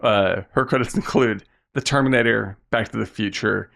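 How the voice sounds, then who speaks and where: A man's voice: on the low side, moderate pace, vocal fry, fairly bright tone. A man co-hosting a casual film podcast, talking enthusiastically with plenty of fillers. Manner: enthusiastic, lots of likes and yeahs. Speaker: podcast co-host.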